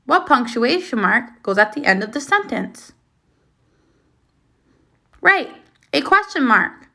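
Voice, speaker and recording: In a recorded reading lesson for young children, a woman teacher speaks slowly and clearly in a high voice. She is encouraging throughout and offers lively praise.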